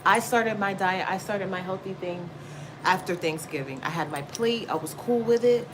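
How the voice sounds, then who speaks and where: A woman in the middle of her range talks loosely and bluntly to her viewers, swearing freely and slipping into excited asides. A clear, steady hiss of noise runs under her voice the whole time. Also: medium pitch, moderate pace. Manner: blunt, profane, chatty, laughs and exclaims often. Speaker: tarot reader livestream host. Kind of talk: casual spiritual talk to viewers.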